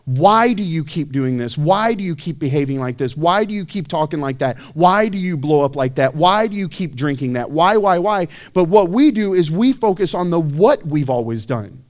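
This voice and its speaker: A man's voice: on the high side, lively intonation, moderate pace, few pauses. A man preaching a sermon in a church, talking conversationally with rhetorical questions and self-deprecating asides. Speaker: pastor.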